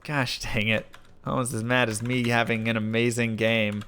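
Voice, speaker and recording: A man live-streaming, telling a rambling story in a casual, animated way with lots of filler words. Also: medium pitch, normal speed, smooth. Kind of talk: casual storytelling while gaming.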